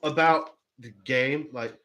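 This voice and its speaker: A man's voice: medium pitch, slow, sharp tone. A man chatting as a player after a tabletop game, hesitant and full of fillers.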